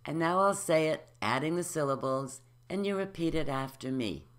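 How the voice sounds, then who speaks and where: A speech teacher explaining dropped syllables and modeling words and sentences slowly for the listener to repeat. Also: medium pitch, animated. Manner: slow, careful, explanatory, models each word. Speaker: elocution teacher. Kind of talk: slow instructional speech drill.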